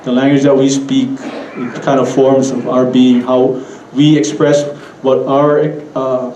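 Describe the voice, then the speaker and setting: A man with a Hawaiian Pidgin accent giving a keynote talk in a relaxed storytelling manner, with asides to the audience. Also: mid-range voice, a little slow, echoey room, slight background noise, low-quality recording. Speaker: keynote speaker.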